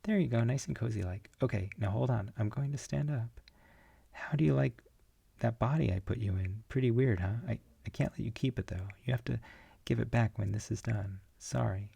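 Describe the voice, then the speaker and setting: A man reading as a teasing, playful guide with a gravelly rasp. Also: mid-range voice, moderate pace, dark tone, no room sound.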